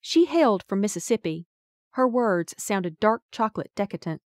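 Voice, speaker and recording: A woman's voice: mid-range voice, expressive, normal speed, darkish tone, no room sound, clean studio sound. A woman narrating a first-person audiobook in a wry, folksy storytelling manner.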